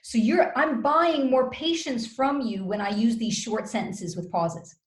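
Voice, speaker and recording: Roomy-sounding woman coaching, measured. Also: on the high side. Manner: measured, instructive, acts out calm example phrases. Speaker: communication coach. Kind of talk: interview, giving advice. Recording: roomy echo.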